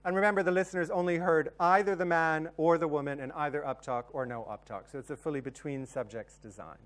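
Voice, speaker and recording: A man's voice: on the high side, steady tone, fast, a bit bright. A man giving a plenary academic lecture, explaining research results step by step with the occasional um. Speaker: conference plenary speaker.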